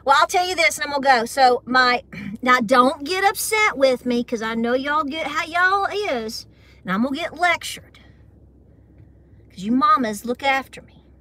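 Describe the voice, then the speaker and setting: A woman's voice: high-pitched, animated, normal speed, sharp tone. A middle-aged woman with an Appalachian Southern accent, chatting and giggling casually with viewers on her homestead livestream. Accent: Southern American, Appalachian.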